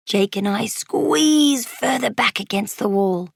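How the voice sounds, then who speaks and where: A woman narrating a children's storybook as a young girl, lively and dropping into whispers for suspense. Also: on the high side, takes it slowly, creaky, breathy edge, no echo, studio quality. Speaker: audiobook narrator.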